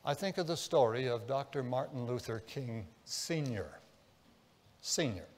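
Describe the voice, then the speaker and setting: A man preaching a sermon as pastor, telling a story, dropping to a hush and then rising with feeling. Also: medium pitch, lively intonation, measured pace. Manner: storytelling, swinging between hushed and impassioned. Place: church sanctuary. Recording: long church reverb.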